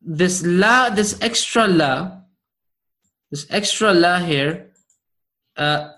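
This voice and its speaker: A high-pitched man gives a grammar lesson to his class. He speaks slowly and repeats each point, and he keeps checking that his students follow along. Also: sharp tone. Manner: repeats key points and checks understanding with "right?" and "okay?". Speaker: Arabic grammar teacher.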